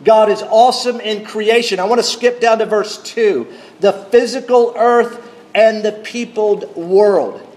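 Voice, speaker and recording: A pastor delivering a sermon in a church, his voice pitched high for a man. He speaks slowly and deliberately, leaning on key words for emphasis and reading scripture in a measured cadence. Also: a little mellow.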